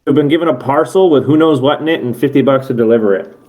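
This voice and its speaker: A man's voice: mid-range voice, quick pace, a little mellow, slight background noise. Casual rambling man running a game. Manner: casual, rambling, self-correcting. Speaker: game master. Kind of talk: narrating a tabletop game.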